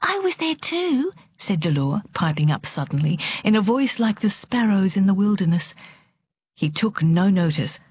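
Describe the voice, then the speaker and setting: Husky woman reading a novel aloud. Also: lowish voice, moderate pace. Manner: expressive, dramatic. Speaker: book reader on radio. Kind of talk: dramatic audiobook narration.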